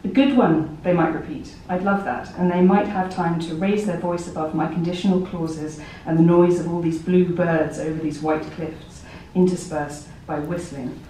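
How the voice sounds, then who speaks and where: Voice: medium pitch, level tone, normal speed, few pauses, dark tone, slight background noise. A poet reading a playful prose poem aloud in a wry, conversational way at a library event. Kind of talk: poetry reading. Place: poetry library event room. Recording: very echoey room, distant mic.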